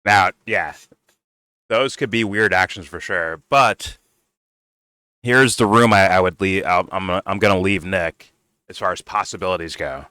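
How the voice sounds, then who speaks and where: A man giving casual, profane reaction commentary on video clips, excitable and laughing often. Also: low voice, unhurried, smooth, dry recording. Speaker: reaction streamer.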